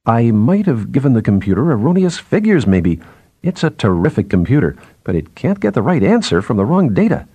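A man voicing a distraught astronomer, husky. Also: sing-song, brisk, dark tone, no room sound. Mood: insistent. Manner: distressed, pleading, voice rising high. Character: anxious male astronomer, devoted to his old mentor.

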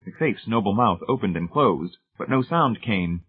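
A male audiobook narrator with a lowish, husky voice, reading at a steady, measured pace. The sound is thin and tinny, like a phone line. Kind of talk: scripted narration.

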